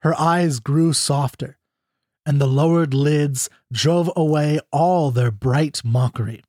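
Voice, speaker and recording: Male narrator for a classic short story; measured, expressive, fairly high voice. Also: no echo, clean studio sound.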